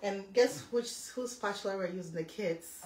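A woman's voice: mid-range voice, moderate pace. A woman who directs the cooking at home in a casual, bossy way. She gives instructions and teases. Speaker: co-host of a couple's vlog. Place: home kitchen. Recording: echoey kitchen, distant mic, background noise.

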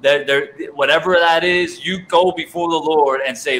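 A man hosting a casual faith livestream, telling animated stories, laughing often and repeating words. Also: a little high, normal speed, hardly any pauses, a little hiss or hum, low-quality recording. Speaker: host.

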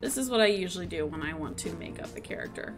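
A woman's voice: fairly low pitch, animated, fast talker, music in the background. A young woman casually narrating a life-sim game, telling the story with playful quoted asides. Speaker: gameplay narrator.

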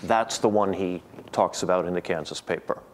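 A man's voice: sits low, normal speed, slight background noise. A middle-aged man giving an academic seminar lecture, thoughtful and digressive, often restarting his sentences. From United States.

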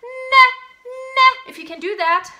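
Bright-voiced woman coaching singing. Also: high voice, lively intonation, moderate pace. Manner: alternates spoken coaching with sung examples. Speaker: singing teacher. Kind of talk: vocal lesson with sung demonstrations.

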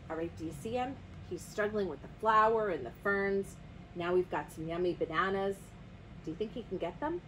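A woman's voice: medium pitch, brisk, slight background noise, rough recording. A woman librarian reading a picture book aloud to children and asking them questions. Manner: animated, asks the kids questions.

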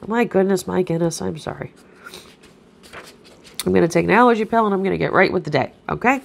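A woman who is a spiritual coach, reading a self-help book aloud with casual, talkative asides, coughing and clearing her throat from allergies. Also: on the low side, fairly quick, long pauses. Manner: casual and talkative, breaking off to explain.

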